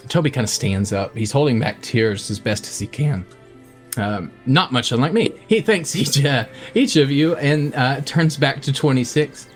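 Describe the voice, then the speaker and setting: A man's voice: medium pitch, animated, normal speed, faint music behind. Emotional male game master narrating. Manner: emotional, heartfelt, with fillers.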